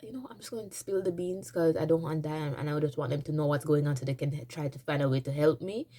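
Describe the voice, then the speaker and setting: A woman tells a storytime on her vlog in a casual, dramatic way. She rambles and restarts her sentences, and her voice sits low. Her tone is mellow and soft-edged. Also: quick pace. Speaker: vlogger.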